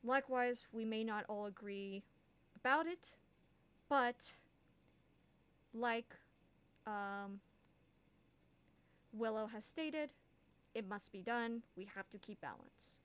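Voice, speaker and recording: An earnest male halfling envoy, voiced by a woman speaks slowly and haltingly. His pitch pops higher now and then. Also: fairly bright tone, clean tone.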